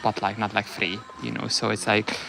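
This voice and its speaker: A man's voice: on the low side, flat delivery, moderate pace, vocal fry, bright, forceful tone. Chatty 30s guy, hairdresser, rambly and giggly, noisy background. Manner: chatty and bubbly, laughs often, rambling restarts. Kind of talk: casual chat.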